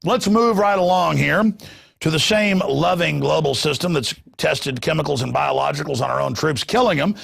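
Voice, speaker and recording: A male host rants in a heated, sarcastic, rambling way. His voice sits a touch high and has a gravelly fry running through it. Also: fairly bright tone. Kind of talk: ranting political commentary.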